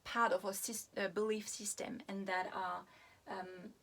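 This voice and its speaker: A middle-aged woman with a French accent, a hypnotherapist giving an earnest self-help talk, pausing often with fillers and restarts. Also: mid-range voice, fairly even intonation, a bit bright.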